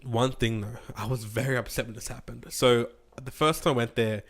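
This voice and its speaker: A man's voice: mid-range voice, steady tone, fairly quick, a bit bright. Rambling Australian man, casual podcast chat. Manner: rambling storyteller, many fillers. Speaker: podcast co-host.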